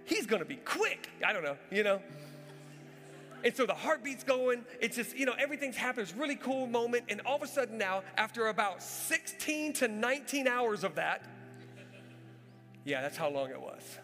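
A man preaching an animated testimony in a high, bright voice, acting out the sounds and voices in his story. His voice rings through a large echoing hall. Soft music plays beneath him. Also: moderate pace. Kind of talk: sermon storytelling.

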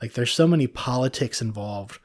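A mid-pitched man chatting on a podcast in a loose, rambling way. He stumbles through restarts and drops profanity casually. Close studio microphone sound. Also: expressive. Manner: rambling, profane, halting restarts, laughs often. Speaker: podcast co-host.

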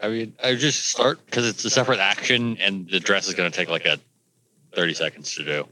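Low, crisp-voiced male player. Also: fairly even intonation, brisk, pushed and bright, rough recording. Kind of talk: tabletop game play.

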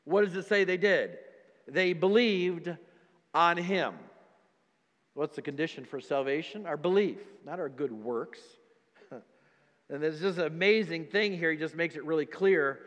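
A man's voice: fairly high pitch, expressive, normal speed, a bit bright, big-room sound. A man, a pastor, preaching a dynamic sermon and calling out to his congregation as church.

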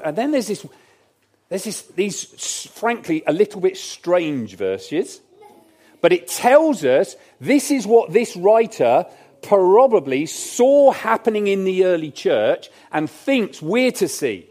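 A man's voice: high-pitched, darkish tone. A man preaching a sermon in a church, conversational and emphatic, with jokey asides to the congregation.

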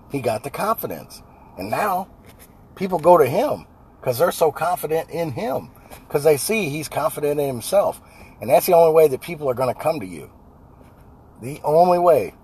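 A man's voice: on the high side, darkish tone, breathy edge. A man, a house painter giving a blunt, folksy motivational talk about sales. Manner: blunt, folksy, repeats "right?" and "I guarantee". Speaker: house painter and business owner.

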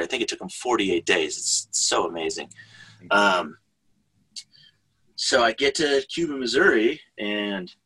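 A man chatting as a guest, telling a story in an animated way and laughing often. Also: on the low side, low-quality recording. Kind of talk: casual storytelling in conversation.

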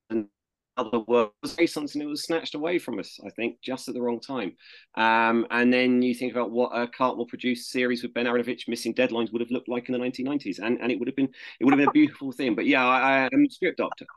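A man's voice: medium pitch, a bit bright, no room sound. A man recommends books on a podcast and sounds wistful and nostalgic about them. The recording is dry, with no room sound. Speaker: podcast co-host, teacher. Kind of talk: casual book discussion.

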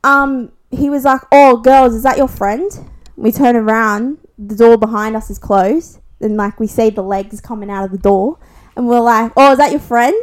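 A woman's voice: on the high side, moderate pace. A young woman with an Australian accent telling a gossip story on a podcast, swearing constantly and acting out what everyone said. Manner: animated, swears constantly, acts out quotes. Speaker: podcast co-host.

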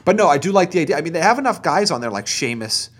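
A man co-hosting a podcast in casual chat, animated and opinionated, often restarting his sentences. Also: on the high side, racing, faint music behind. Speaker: podcast co-host.

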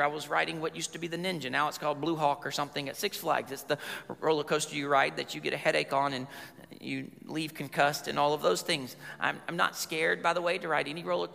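A man, preaching a sermon as a chatty, humorous storyteller who gets loud at times. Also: a little high, vocal fry, big-room sound. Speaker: pastor.

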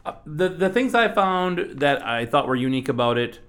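A man co-hosting a casual podcast about retro video games, talking in a rambling, animated way with frequent restarts. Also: fairly high pitch, normal speed. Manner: rambling, animated, self-interrupting. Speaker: podcast co-host.

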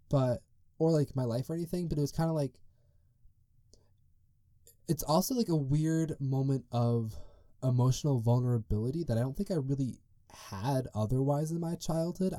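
Chatty young man with a dark voice. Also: medium pitch, no room sound, studio quality. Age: young adult. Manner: chatty, rambling, lots of "like" and tangents. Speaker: podcast host. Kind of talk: casual solo podcast storytelling.

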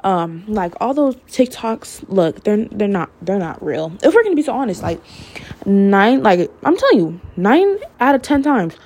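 A young woman talks through her solo podcast in a loose, candid way. She strings thoughts together with "like" and "literally", and her pitch sits in the middle range for a woman. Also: sing-song, normal speed, a little mellow. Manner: chatty and candid, heavy use of "like" and "literally", laughing asides. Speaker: podcast host. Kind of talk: casual solo podcast monologue.

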